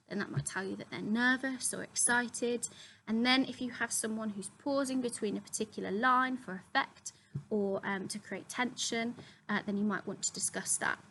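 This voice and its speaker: A woman's voice: fairly high pitch, steady tone, moderate pace, a bit bright, slight background noise, low-quality recording. A young woman, a drama teacher, steadily explaining acting terms to her students with frequent ums. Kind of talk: classroom explainer video.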